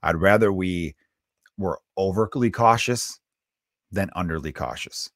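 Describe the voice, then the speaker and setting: A man's voice: low-pitched, a little slow, a bit bright, dry recording, studio quality. A male comedian hosting his own podcast, ranting in an exasperated, profane, rambling way into a podcast mic. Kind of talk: solo comedic rant.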